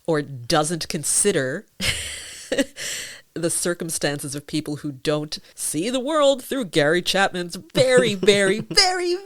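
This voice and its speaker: A woman's voice: on the low side, animated, slow, no echo. A woman hosting a podcast in casual chat, who laughs often and talks with animation. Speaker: podcast host.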